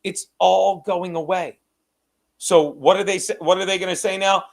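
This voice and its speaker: A man's voice: sits high, steady tone, moderate pace, creaky. A male host ranting about politics, swearing constantly and hammering the same phrase over and over. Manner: profane, ranting, repetitive. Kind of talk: heated political commentary.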